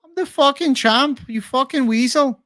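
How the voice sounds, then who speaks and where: A man's voice: very high voice, moderate pace, pushed and bright, voice pushed up. A man doing a mocking impression of a brash, cursing Irish fighter, in a put-on Irish accent.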